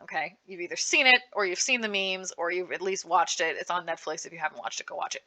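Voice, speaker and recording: A woman gives an upbeat panel talk recommending comics and manga. Her voice is bright and forward. She talks in a lively, animated way, often restarting her sentences. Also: on the low side, fast talker. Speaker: librarian giving a book panel. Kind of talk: enthusiastic book recommendation talk.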